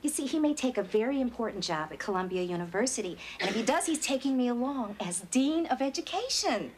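A woman's voice: fairly high pitch, animated, fast talker, a little mellow, a little hiss or hum, close to an everyday voice. An actress in a sitcom playing a woman academic who stammers through excuses after being caught in a lie. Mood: earnest. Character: flustered woman professor caught fibbing. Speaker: sitcom character. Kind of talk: sitcom acting.

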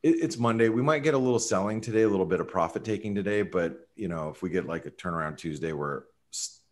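A man's voice: sits low, fast talker. A man hosting a trading webinar, chatting loosely about currencies with lots of fillers and restarts. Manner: rambling, many fillers, jumps in loudly. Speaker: webinar host, trader. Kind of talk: casual market commentary.

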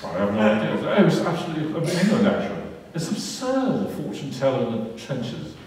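A man's voice: medium pitch, wildly swooping pitch, fairly quick, a little mellow, slight background noise. A man speaking as a filmmaker onstage before an audience, dry, wry and matter-of-fact, in a large museum auditorium. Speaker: filmmaker in a public talk. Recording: echoey hall, mic far off.

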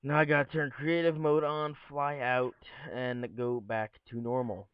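A man's voice: medium pitch, flat delivery, a little slow, clear, resonant tone, no echo, muffled recording. A young man giving casual, jokey commentary on a game, rambling between points with a showman's flair. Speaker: gaming commentator.

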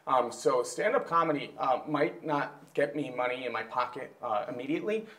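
A man, a comedian and screenwriter, giving a measured answer on a talk panel with frequent fillers. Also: medium pitch, lively intonation, fairly bright tone. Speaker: stand-up comedian and screenwriter guest.

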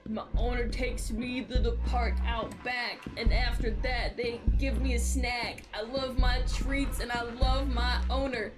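A woman voicing a cocky, crude male dog from a horror game, speaking loudly and boastfully. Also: on the high side, steady tone, unhurried, hardly any pauses, loud music behind the voice, lightly acted.

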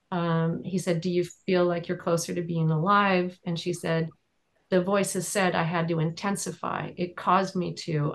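A woman recounting courtroom testimony in conversation, speaking in a halting, measured way with many fillers and restarts. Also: lowish voice. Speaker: trial observer and advocate.

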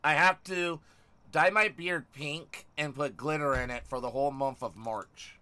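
A young man streaming a game live, excitable and loud, yelling and swearing at his chat. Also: fairly high pitch, a little slow, clean tone.

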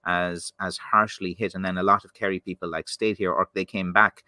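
A man from Ireland, hosting a podcast and asking long, rambling questions out loud. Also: sits low, flat delivery, brisk, no room sound, studio quality. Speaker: podcast host. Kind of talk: casual interview chat.

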